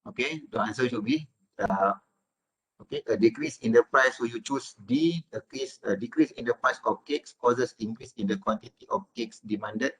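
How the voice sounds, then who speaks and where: A male university lecturer talks his class through the material in an online session. He strings his points together with a steady stream of "okay" and "uh" fillers. His voice sits at an ordinary middle pitch. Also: moderate pace, slightly rough, rough recording. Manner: fills every phrase with "okay" and "uh".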